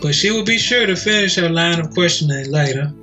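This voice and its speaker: A man co-hosting a podcast, reading a romance story aloud and lifting his pitch a little for the characters' lines. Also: lively intonation, brisk, sharp tone, faint music behind, low-quality recording.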